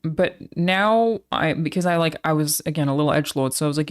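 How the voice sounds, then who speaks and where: Australian woman streamer with a creaky, gravelly voice; chatty and swears freely. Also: low voice, fairly even intonation, fairly quick. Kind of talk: casual chat to a live stream audience.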